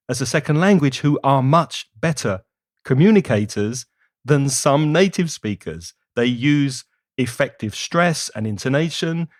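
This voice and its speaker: A British man who teaches English speaks in an encouraging, emphatic way. His voice is mid-pitched, and the sound is dry and close to the mic. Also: no room sound. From Britain. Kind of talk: recorded podcast contribution.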